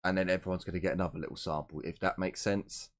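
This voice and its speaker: Low-voiced male game master, laid-back. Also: fast talker. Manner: relaxed, rambling, swears casually. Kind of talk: casual tabletop game narration.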